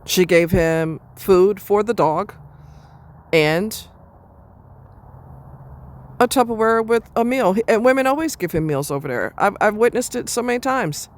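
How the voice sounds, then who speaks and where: Woman ranting to the camera, cusses a lot, rambles and restarts, mid-pitched. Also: lively intonation, unhurried, long pauses. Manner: blunt, profane, ranting. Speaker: vlogger. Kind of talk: casual venting monologue.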